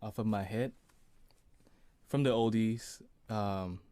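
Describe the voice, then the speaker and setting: A man, a singer-songwriter and producer, chatting casually as an interview guest. He is relaxed, laughs easily and often restarts his sentences. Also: fairly low pitch, slow, no room sound.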